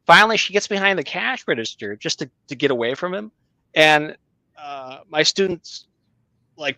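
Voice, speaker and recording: A middle-aged man, a writing teacher, telling a story in casual conversation, halting with many fillers and restarts. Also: on the high side, lively intonation, pushed and bright, dry recording, poor audio. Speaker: guest, creative writing teacher.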